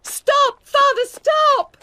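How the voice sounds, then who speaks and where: A woman voicing a young girl, a loving daughter, with high pleading cries. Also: sing-song, normal speed, background noise.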